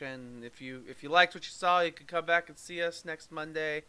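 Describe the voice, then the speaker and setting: A man's voice: a little high, normal speed, few pauses, sharp tone, clean tone. A man co-hosting a casual live-streamed review show, chatting loosely and laughing between lines. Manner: chatty, laughs often, rambling sign-off. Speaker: podcast co-host. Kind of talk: casual chat.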